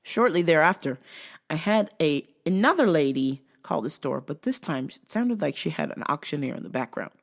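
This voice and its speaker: A woman's voice: low voice, very animated, normal speed, gravelly. A woman in her thirties telling blunt, profane stories in a casual vlog monologue. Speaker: vlogger and store clerk.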